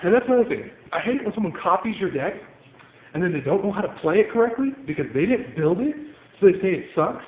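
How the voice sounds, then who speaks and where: A man's voice: high-pitched, expressive, fast. A man ranting angrily at home, pacing as he talks and swearing often. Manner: heated, profane, paces while talking. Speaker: card game player venting on video. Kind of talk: angry ranting monologue. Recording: tinny phone-like audio with room echo and faint hiss.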